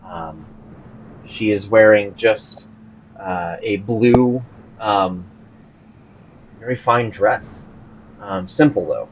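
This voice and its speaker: A man narrating as game master of a tabletop game, halting with many fillers and restarts. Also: lowish voice, a little hiss or hum, rough recording.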